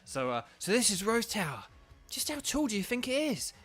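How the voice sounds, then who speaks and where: A man voicing an eager, upbeat teenage boy from a video game, reading the dialogue in an excited, bouncy voice raised well above his own. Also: high voice, normal speed, slightly rough, pitched above the performer's own voice, full character voice.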